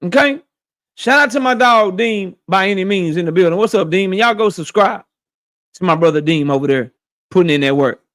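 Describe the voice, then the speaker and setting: A young man with a remarkably high voice hosts a boxing talk show, offering casual, opinionated commentary. He's blunt and profane, repeating his points for emphasis. His delivery is brisk and slightly bright, with lively intonation.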